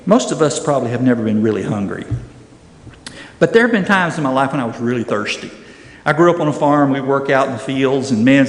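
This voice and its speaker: Middle-aged male Bible class teacher, animated, high-pitched, recorded in a reverberant church room. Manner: animated, acts out quoted voices. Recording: echoey room with long reverb.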